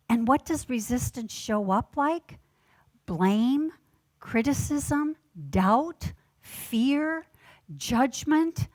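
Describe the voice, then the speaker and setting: A woman minister preaching a sermon, telling gentle stories with measured emphasis. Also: a little high, dry recording.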